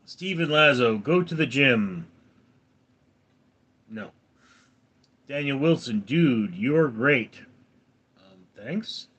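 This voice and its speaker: A man's voice: medium pitch, animated, slow, pauses often, a bit bright, husky. A man in his forties hosting a casual livestream, reading out viewer comments and answering them dryly. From California. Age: 40s. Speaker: livestream host reading chat.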